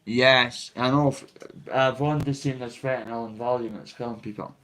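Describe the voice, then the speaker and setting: Man, mid-pitched voice, rapid-fire, blunt, swearing, live-stream chat. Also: fairly even intonation. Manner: fast, blunt, swearing, shouting out viewers. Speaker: livestreamer. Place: a family member's home, indoors.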